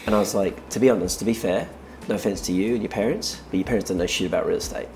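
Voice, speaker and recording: A man's voice: lowish voice, racing, soft background music, poor audio. A man with an Australian accent, speaking bluntly and emphatically as a guest, telling stories in casual chat. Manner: blunt, emphatic, acts out his own lines loudly. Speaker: guest, real estate business owner. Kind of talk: casual storytelling.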